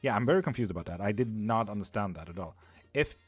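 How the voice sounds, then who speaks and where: A man's voice: lowish voice, expressive, quick pace, husky, faint music behind. A man, a tarot reader hosting a live stream, chatting loosely with viewers, swearing and laughing often.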